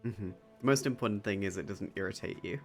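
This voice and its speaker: A streamer with a deep voice talks a little fast, chatting casually and playfully while playing a game. He laughs often, and background music plays throughout.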